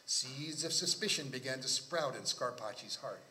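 A man reading his own novel aloud at a library book talk, in a measured storytelling cadence. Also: mid-range voice, animated, pushed and bright, slight background noise.

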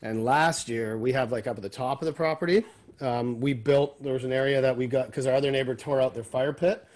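A man's voice: medium pitch, steady tone, a little fast, a little mellow. A man hosting a podcast, talking in an enthusiastic, casual way and swearing freely on a remote call. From Canada. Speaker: podcast host. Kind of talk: casual chat.

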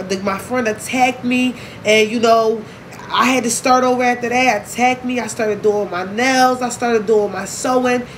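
A woman's voice: on the high side, slight background noise, poor audio. A young woman talking candidly and emotionally to her vlog audience, swearing freely as she speaks. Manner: candid, emotional, profane, fast-shifting. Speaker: vlogger. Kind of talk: emotional casual vlog talk.

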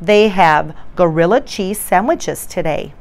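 A woman's voice: lowish voice, animated, measured pace, darkish tone. A woman reading a children's storybook aloud, voicing a silly female schoolteacher who mixes up her words with cheerful announcements.

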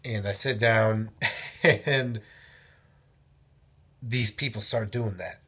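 Rambling husky young man vlogging. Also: lowish voice, slow. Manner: rambling, animated storytelling with self-interruptions. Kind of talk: casual vlog monologue.

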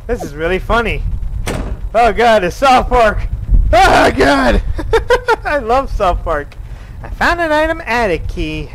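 A young man giving giggly, excitable gameplay commentary, swearing often. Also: extremely high pitch, takes it slowly, creaky, long pauses, a little hiss or hum, rough recording. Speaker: let's play gamer.

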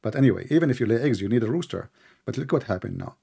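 Gravelly husky man with an Arabic accent. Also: mid-range voice, expressive, dark tone. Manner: mocking, interrupting, slow deliberate speech. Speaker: debate host. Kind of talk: heated online debate.

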